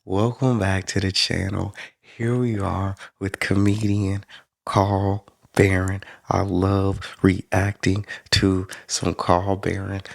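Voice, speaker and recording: A man's voice: low voice, little pitch movement, slow pace, gravelly. A man with an American accent hosting a reaction channel, chatting casually and laughing along as he comments on a comedy clip. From United States. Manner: laid-back, chuckling, talks back to the clip.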